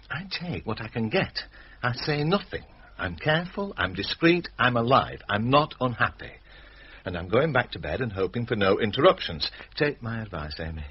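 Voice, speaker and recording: An actor playing a middle-aged village doctor, dry and sardonic, irritated at being called out at night. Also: male voice, mid-range voice, sing-song, moderate pace, breathy edge, highs cut off. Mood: weary.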